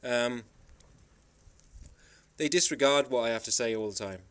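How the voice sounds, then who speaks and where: Smooth-voiced man from the Isle of Man. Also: mid-range voice, unhurried, fairly bright tone. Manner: rambling, emphatic storytelling with frequent restarts. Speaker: travel vlogger. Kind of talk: casual monologue.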